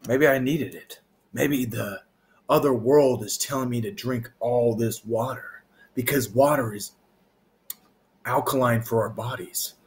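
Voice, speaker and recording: Male vlogger, unhurried, wandering off-the-cuff monologue. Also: medium pitch, slight background noise. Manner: drawn-out, meandering, trails off and restarts. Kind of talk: rambling casual monologue.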